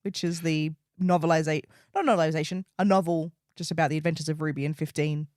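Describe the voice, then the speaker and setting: Measured woman co-hosting a podcast. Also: deep voice, fairly even intonation, darkish tone, no echo, clean studio sound. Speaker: podcast co-host. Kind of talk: casual chat.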